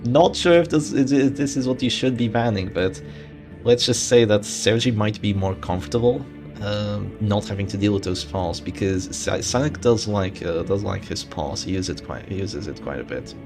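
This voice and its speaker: A man's voice: lowish voice, normal speed. A man casting a game tournament live in casual play-by-play, bantering with and answering his live chat. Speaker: tournament caster. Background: game music.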